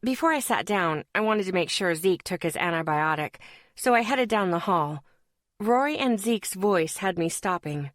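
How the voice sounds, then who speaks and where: A woman with a lowish voice narrates a novel in the first person, even and steady. The sound is dry and close, with no room echo. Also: normal speed. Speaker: audiobook narrator.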